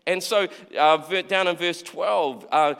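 A man with a high, gravelly, slightly bright voice preaches a sermon at a somewhat slow pace, with a clean tone. His delivery is chatty; he often acts out quoted voices and repeats words. The recording carries the long reverb of a large hall.

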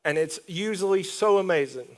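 High-voiced man preaching animatedly. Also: moderate pace. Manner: conversational, animated preaching with asides and laughs. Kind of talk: sermon.

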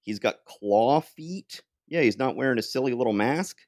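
A man hosting a casual comic-book podcast chat, talking in an animated way and laughing often. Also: medium pitch, moderate pace, no room sound, clean studio sound. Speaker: podcast host.

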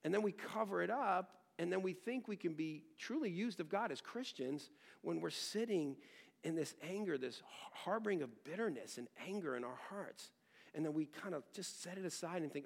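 A man's voice: sits high, expressive, normal speed, gravelly. A man preaching a sermon as a pastor, earnest and conversational, weaving in personal stories.

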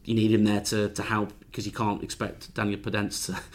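A football reporter talks in a low, flat voice, quick but halting, with restarts and fillers. He sounds casual. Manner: hesitant, with many ums and restarts. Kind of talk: casual chat.

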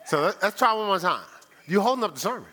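A man's voice: high voice, big pitch swings, fast, sharp tone. A male pastor preaching a sermon, playful and teasing with his congregation.

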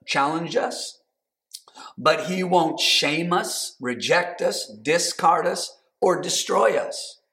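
A man's voice: mid-range voice, bright, forceful tone. A man preaching a sermon to his congregation, chatting casually and then building into emphatic, repeated phrases. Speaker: pastor.

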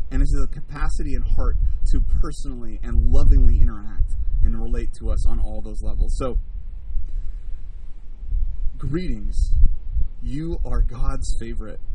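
A man preaching a sermon, animated, drawing the congregation into call and response. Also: medium pitch, recorded from a distance, noisy background.

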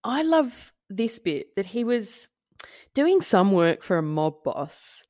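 A woman co-hosting a podcast, chatting about a true-crime story in an animated, joking way, often laughing and sometimes swearing. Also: mid-range voice, slow, no room sound, clean studio sound. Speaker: podcast co-host. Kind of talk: casual true-crime chat.

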